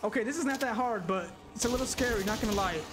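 A young man streaming a zombie game, reacting loudly with gasps and exclamations. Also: high voice, fast talker. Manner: excitable, loud reactions, frequent gasps. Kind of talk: live gameplay commentary.

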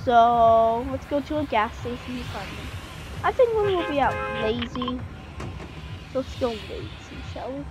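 A woman with a sore throat giving hesitant gameplay commentary, pausing often with filler sounds. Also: on the high side, expressive. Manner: hesitant, many filler pauses. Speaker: gaming channel host. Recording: loud game music and gunfire behind.

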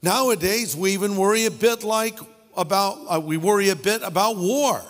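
A man's voice: high-pitched, moderate pace, fairly bright tone, in a large hall. A middle-aged male pastor preaching a sermon, telling funny stories and making wry asides. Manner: storytelling with jokes and asides. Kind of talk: humorous sermon.

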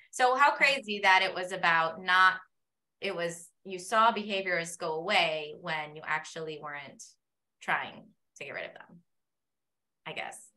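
A woman's voice: on the low side, measured pace, pushed and bright. Curious woman host asking questions. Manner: curious, probing questions laced with "like". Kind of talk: casual interview chat.

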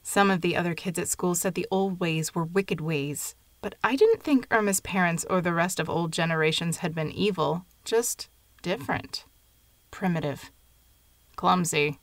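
A woman reading a literary short story aloud in a steady, measured way. Her voice is on the low side and sounds close and dry, with no room around it. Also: dry recording. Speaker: narrator. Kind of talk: scripted narration of a short story.

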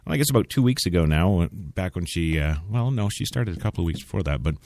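A man's voice: sits low, animated, fast talker, a little mellow, dry recording. A man hosting talk radio in a studio, rambling and sarcastic between laughs. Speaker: radio host. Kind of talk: casual talk radio banter. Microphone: studio mic.

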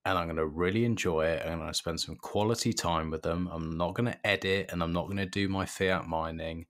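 A man's voice: low voice, a bit bright. A man hosting a podcast, talking bluntly and animatedly and swearing freely. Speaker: podcast host. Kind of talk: casual podcast chat.

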